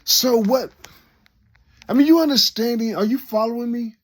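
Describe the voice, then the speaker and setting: A man's voice: extremely high pitch, moderate pace. A man in a rambling, unscripted monologue who keeps asking rhetorical questions and repeating himself. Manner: unscripted, loose and conversational. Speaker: speaker sharing reflections.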